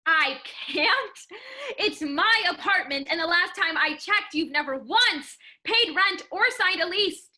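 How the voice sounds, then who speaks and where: A woman's voice: very high-pitched, lively intonation, a little slow, sharp tone, exaggerated voice. A young woman playing a woman firmly breaking up with her boyfriend in a stage play. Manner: firm, cold, resolute. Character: young woman ending a relationship.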